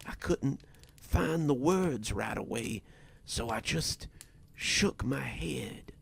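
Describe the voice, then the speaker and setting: A man narrating a scripted horror story in a slow, deliberate storytelling manner. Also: mid-range voice, expressive, vocal fry, slightly rough.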